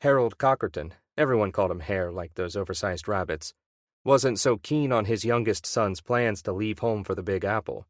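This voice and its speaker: An audiobook narrator with a fairly low voice reads a suspense story in a measured, subdued way. It's scripted narration with a dry, studio-quality recording.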